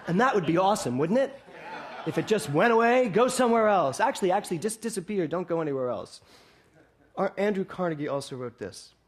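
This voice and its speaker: A man with a fairly high voice delivers a sermon from a stage. He tells stories with humor and slips into the voices of the people in them. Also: expressive, brisk. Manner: playful storytelling, acting out dialogue. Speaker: minister. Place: hall, before a congregation.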